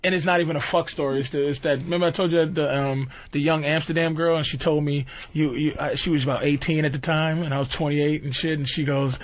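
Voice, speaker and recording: High voiced guy on talk radio doing raunchy stories, does all the voices, kinda muffled audio. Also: fast, few pauses. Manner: animated, acts out quoted voices. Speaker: radio show regular. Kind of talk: crude comedic storytelling. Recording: dull lo-fi radio recording.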